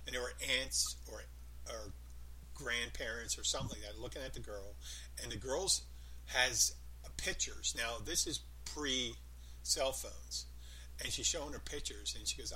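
A man's voice: medium pitch, moderate pace, pushed and bright, a little hiss or hum, poor audio. A man in casual chat, telling rambling stories with lots of emphasis.

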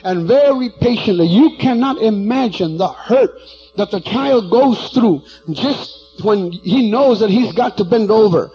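A man's voice: high voice, lively intonation, unhurried, warm tone, muffled recording, soft background music. A man preaching a sermon, often restarting and filling with "uh". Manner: preaching with many restarts and fillers, acting out quoted voices.

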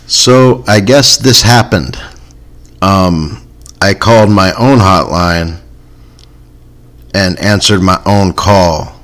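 A man's voice: low-pitched, takes it slowly, pauses often, a bit bright. A man hosting a comedy podcast, talking in a laid-back, dry way that often trails off. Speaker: podcast host. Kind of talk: casual comedy podcast chat.

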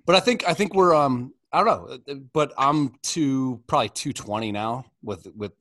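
A man's voice: medium pitch, normal speed, a bit bright, dry recording. A middle-aged man talks in loose, crude banter, rambling and joking as he tells stories. His voice sits in an everyday range, and the recording is dry and close with no room sound. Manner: joking, rambling, reads a roast speech aloud.

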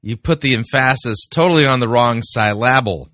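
A man's voice: medium pitch, normal speed, pushed and bright, dry recording. A man giving sarcastic commentary on a sermon, dry and mocking.

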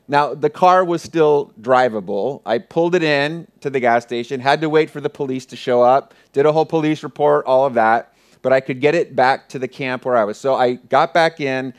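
A pastor preaching, retelling a personal story earnestly and often dropping to a hushed voice. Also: male voice, mid-range voice. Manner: earnest, vivid retelling with many soft hushed passages. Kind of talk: sermon storytelling.

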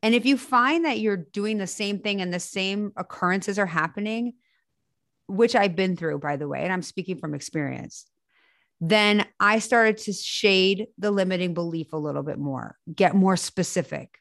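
A woman's voice: mid-range voice, moderate pace, a bit bright, no room sound, clean studio sound. A woman coaching in an earnest, reassuring way and speaking from her own experience. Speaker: spiritual coach. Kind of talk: conversational teaching.

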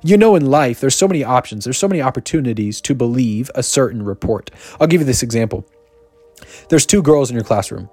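Male podcast preacher, casual and energetic, jokey asides, slows down hard to repeat key lines, faint music underneath. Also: medium pitch, no room sound. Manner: energetic, joking, swings between rapid asides and slow emphatic repetition. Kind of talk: casual sermon.

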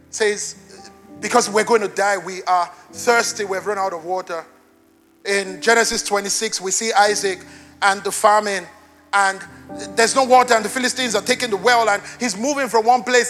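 A man preaching a sermon as pastor, chatty and playful with the congregation, then rising to loud, emphatic preaching. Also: high-pitched. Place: church.

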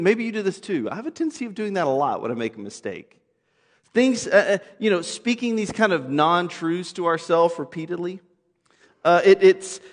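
Pastor, man, 30s, slightly high voice, chatty self-deprecating sermon, long church reverb. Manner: conversational, self-deprecating, repeats words when starting a thought. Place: church sanctuary.

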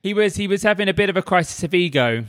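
A man's voice: high-pitched, animated, fast talker, fairly bright tone, no room sound, studio quality. A man hosting a casual book club podcast, chatty and upbeat, laughing often. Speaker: podcast host.

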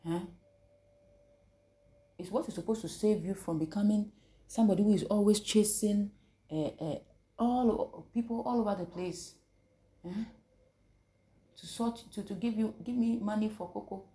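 A woman's voice: medium pitch, normal speed, pauses often, dark tone. A woman teaching from the Bible, throwing questions to her listeners and waiting for them to answer. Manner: call-and-response, asks the listeners questions. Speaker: preacher.

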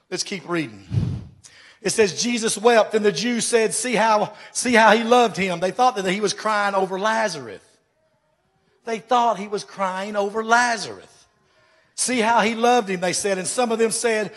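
A man preaching a sermon to his church, swinging from loud calls to hushed asides. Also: high voice, normal speed, in a large hall. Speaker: pastor.

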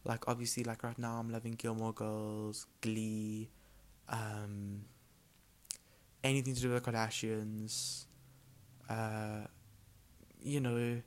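A man's voice: fairly low pitch, flat delivery, slow, long pauses. A young man hosting his own podcast, rambling in casual chat full of filler words and tending to mumble his words together. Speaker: podcast host.

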